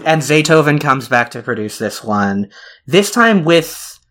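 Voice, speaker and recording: A man's voice: on the high side, very animated, unhurried, fairly bright tone. A man hosting a casual music podcast, talking in a rambling way with many restarts and fillers. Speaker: podcast host.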